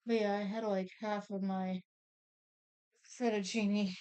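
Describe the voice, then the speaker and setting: A woman's voice: medium pitch, flat delivery, a little slow, darkish tone, clear, resonant tone. A woman chatting casually on a livestream, apologetic and giggly as she explains herself.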